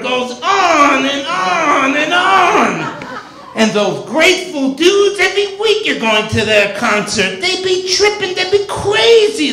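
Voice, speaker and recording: A man voicing an angry fiancée who scolds and shouts. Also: very high voice, roomy sound, pitched above the performer's own voice, exaggerated voice, rough recording.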